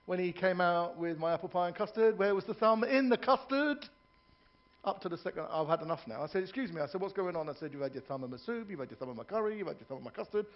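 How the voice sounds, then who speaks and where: A man's voice: sits high, lively intonation, quick pace, dull audio. A man performing stand-up comedy in a ship's theatre, telling jokes, doing characters' voices and joking with the audience.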